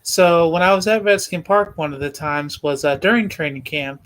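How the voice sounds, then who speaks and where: Man, sports podcast co-host, casual chat, calm explainer, slightly higher voice. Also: moderate pace. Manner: calm explainer with many short backchannels.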